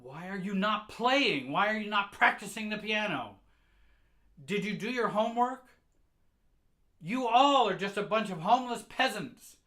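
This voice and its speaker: Man voicing a middle-aged abusive mother in a spoken story, shrill, screaming, bright and harsh. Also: expressive, unhurried, heavily acted. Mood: furious, berating. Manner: shrill, screaming insults and despair.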